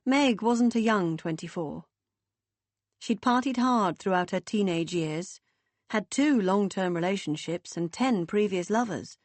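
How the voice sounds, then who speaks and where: A woman narrating an audiobook in a measured, expressive reading. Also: medium pitch, no room sound.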